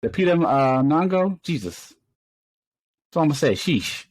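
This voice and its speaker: A man co-hosting a podcast, chatting casually and animatedly, with bursts of high-pitched exclamations and laughter. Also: big pitch swings, moderate pace, dry recording. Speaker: podcast co-host.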